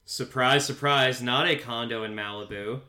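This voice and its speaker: A man co-hosting a casual podcast, walking through an episode's plot in a loose, rambling way. His voice is bright and forceful, at an ordinary pitch, and he stops often for fillers and restarts. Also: moderate pace. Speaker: podcast co-host. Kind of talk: casual show recap chat. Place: home, a pet cat nearby.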